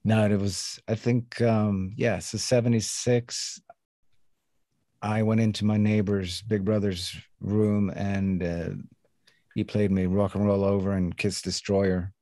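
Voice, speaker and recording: A man in his fifties from Sweden with a light Swedish accent, talking in a relaxed, laid-back way as an interview guest. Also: lowish voice, slow pace, no echo. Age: 50s. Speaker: guest musician. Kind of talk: casual interview chat.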